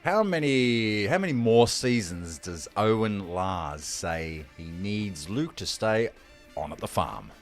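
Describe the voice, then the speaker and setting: A man's voice: fairly low pitch, lively intonation, takes it slowly, soft background music. A man co-hosting a podcast, asking quiz questions in loose, joking banter that often trails off. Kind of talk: casual banter.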